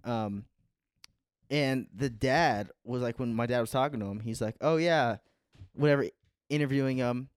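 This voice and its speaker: A man's voice: mid-range voice, moderate pace, clear, resonant tone, no echo. Rambling young man, dry close mic. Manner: rambling, laid-back, full of "like" and "dude". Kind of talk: casual chat.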